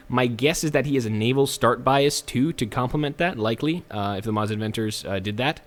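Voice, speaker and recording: A man hosts a let's play with casual gameplay commentary. He talks in a chatty way and drops jokes and self-mocking asides. His voice sits at an ordinary middle pitch. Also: a little fast.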